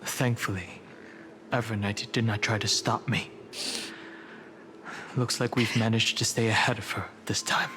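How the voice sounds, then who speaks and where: An actor playing a calm, reserved young man, speaking in a measured, quiet and solemn way in a game cutscene. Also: on the low side, background noise, close to an everyday voice. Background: game soundtrack music.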